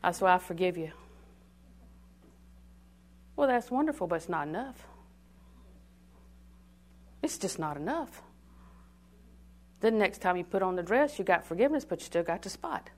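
Older lady preaching, call and response, goes loud then real quiet. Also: fairly low pitch, lively intonation, normal speed, pauses often. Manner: call-and-response, dramatic swings from loud to hushed. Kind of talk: sermon.

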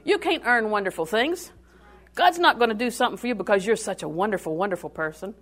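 An older woman preaching a sermon in a call-and-response style, swinging from loud declarations to hushed asides. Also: mid-range voice, lively intonation, fast.

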